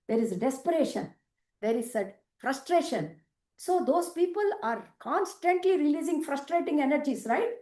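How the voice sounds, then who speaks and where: A woman's voice: high voice, a little mellow. A woman giving a spiritual self-empowerment workshop talk to a live group, emphatic and repetitive, often asking the room questions. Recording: echoey room, mic far off.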